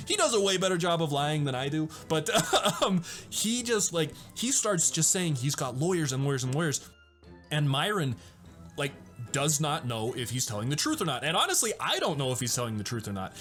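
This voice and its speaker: A man's voice: on the high side, big pitch swings, brisk, fairly bright tone, faint music behind. Chatty enthusiastic man recapping a movie. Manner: enthusiastic and chatty, laughs often. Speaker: host of a movie breakdown show.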